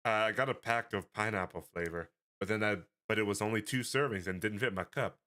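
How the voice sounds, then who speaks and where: A man casually chatting to his viewers while he plays a video game, relaxed and full of fillers. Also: on the low side. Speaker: streamer. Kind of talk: casual let's-play commentary. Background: game music.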